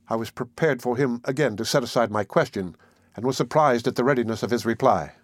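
A man reads a classic novel aloud in the first person, steady and deliberate. His voice is mid-pitched, and the recording is dry and close with no reverb. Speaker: audiobook narrator. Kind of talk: first-person literary narration.

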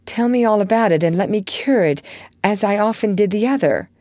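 A woman reading aloud, voicing a spirited, blunt young woman who scolds briskly and comforts softly. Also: mid-range voice, expressive, no echo, clean studio sound, voice pushed up, close to an everyday voice. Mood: tender.

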